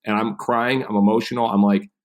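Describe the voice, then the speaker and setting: Fast-talking energetic man. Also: fairly low pitch. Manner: energetic, animated storyteller. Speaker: guest. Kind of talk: storytelling interview.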